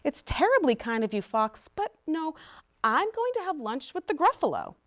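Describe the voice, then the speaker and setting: A tiny, clever brown mouse from a storybook, as a woman reads it. It speaks politely but cheekily, in a fairly high, bouncy voice. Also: very animated, normal speed. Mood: cheeky.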